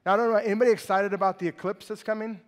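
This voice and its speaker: A man's voice: high voice, steady tone, rapid-fire. A male pastor preaching a sermon, reading scripture aloud and acting out the mockers in a raised voice. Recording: long hall reverb.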